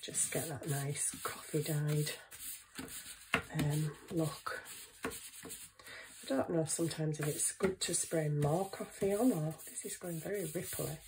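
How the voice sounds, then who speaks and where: A woman's voice: sits low, steady tone, slow pace, pauses often, noisy background. A woman chatting casually in her home kitchen, thinking aloud as she works on a craft. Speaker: craft vlogger.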